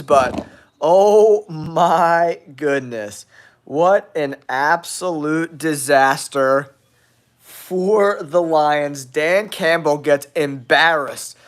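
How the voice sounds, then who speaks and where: A man's voice: a little high, fairly bright tone. Nasal stuffed-up man hosting a sports stream. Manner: exclaiming, repetitive, addresses viewers as guys. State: nasal from a cold. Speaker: sports show host. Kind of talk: excited live-stream sports talk.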